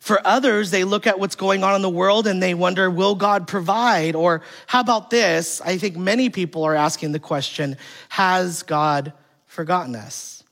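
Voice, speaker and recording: A pastor preaches in a relaxed, conversational way, slipping into funny stories about home life and acting out bits of family dialogue. The sermon keeps turning to the congregation with rhetorical questions. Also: mid-range voice, moderate pace, hardly any pauses.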